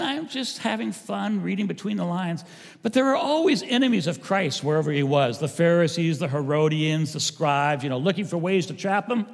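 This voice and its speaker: A man, a pastor, preaching a sermon, swinging between loud emphasis and hushed asides. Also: high-pitched, creaky. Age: older. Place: church sanctuary. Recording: church hall reverb.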